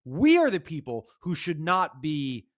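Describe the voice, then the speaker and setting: A man's voice: on the high side, wildly swooping pitch, unhurried. A man hosting a music breakdown video, talking casually and reading lyrics aloud between comments. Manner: chatty, full of "like" and "bro", reads lyrics aloud. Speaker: music reaction video host.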